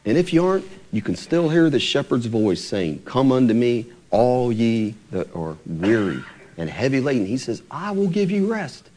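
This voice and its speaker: A man preaching a sermon in a church, earnest, slowing down to quote scripture and lifting his voice for emphasis. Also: sing-song, mellow. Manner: earnest, rises and falls in pitch for emphasis, slows to quote scripture.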